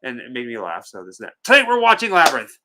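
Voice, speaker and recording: A man's voice: mid-range voice, wildly swooping pitch, quick pace, background noise. A man co-hosting a movie watch party livestream, chatting casually, joking and greeting viewers by name. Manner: playful, joking, theatrical greetings. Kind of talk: casual livestream chat, reading out viewer names.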